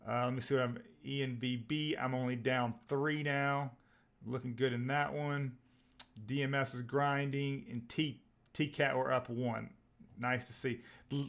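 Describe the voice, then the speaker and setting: Texas-born male stream host, excitable and rambling, live stock trading commentary. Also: medium pitch. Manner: rambling, excitable, reads out tickers.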